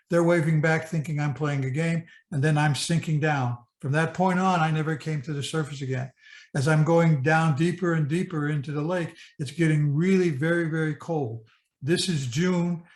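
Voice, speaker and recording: Earnest man in his eighties, echoey room. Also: fairly high pitch. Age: 80s. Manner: earnest, vivid present-tense telling with frequent restarts. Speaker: speaker sharing a personal experience. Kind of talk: personal storytelling talk.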